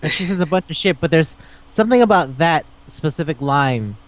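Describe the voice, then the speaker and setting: A man's voice: a little high, brisk, highs cut off. A man co-hosting a casual podcast chat, ranting and swearing as he picks a movie apart. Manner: ranting, profane, animated. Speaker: podcast co-host.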